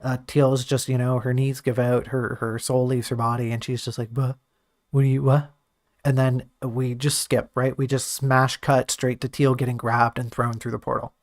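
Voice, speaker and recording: A man's voice: mid-range voice, flat delivery, moderate pace, few pauses. A man in casual stream commentary, reviewing his own writing draft, thinking aloud in a self-critical, joking way.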